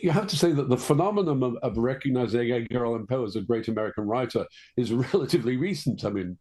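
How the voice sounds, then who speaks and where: A man's voice: medium pitch, lively intonation, fast talker, a little mellow. An older man, a guest author talking at length in a podcast interview, wordy and self-correcting, with dry asides. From England.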